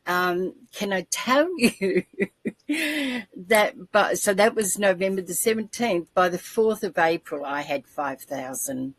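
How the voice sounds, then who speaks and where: A woman in her seventies telling a personal story in a lively, animated way, acting out quoted voices. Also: a little slow, no room sound. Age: 70s. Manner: animated storyteller, acts out voices with big pitch jumps. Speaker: guest, podcaster. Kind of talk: casual storytelling on a video call show.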